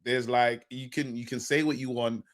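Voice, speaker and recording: A man's voice: medium pitch, steady tone, moderate pace. A man, chatting about football on a podcast panel in a laid-back, slangy way. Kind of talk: casual football podcast chat.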